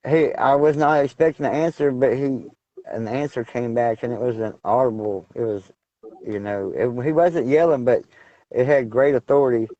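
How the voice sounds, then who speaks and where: A man telling his personal testimony in a casual, halting way, full of fillers and restarts. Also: medium pitch, mellow, no room sound, muffled recording. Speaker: guest sharing testimony.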